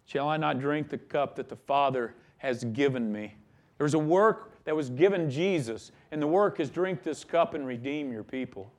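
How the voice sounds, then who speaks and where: A man's voice: on the high side, moderate pace. A man preaching a sermon, emphatic, with his voice rising and dropping in volume. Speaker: pastor.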